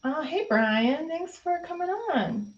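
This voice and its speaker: A woman's voice: extremely high pitch, very animated, slow. Chatty woman hosting an art live stream. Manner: chatty, loose, many fillers, reading viewer comments. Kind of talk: casual live-stream chat while painting. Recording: slightly dull, lo-fi stream audio.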